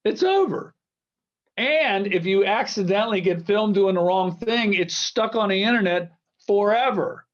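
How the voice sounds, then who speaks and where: A man's voice: high-pitched, a little slow. An American man in his sixties talks in loose, joking asides that wander and restart. He is a guest on a casual interview over a video call. The call audio is dull and lo-fi. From United States. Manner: jokey, rambling, self-interrupting. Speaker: guitar company founder, guest.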